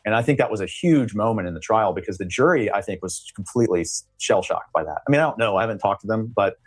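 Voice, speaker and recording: A man's voice: fairly low pitch, lively intonation, fast, dry recording. A man, an attorney, explaining a case in a long-winded interview conversation. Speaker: attorney guest.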